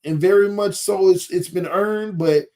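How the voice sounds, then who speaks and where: A man's voice: high voice, normal speed, darkish tone. A man hosting a casual sports podcast, breaking down plays in an emphatic, colloquial way and repeating points for effect.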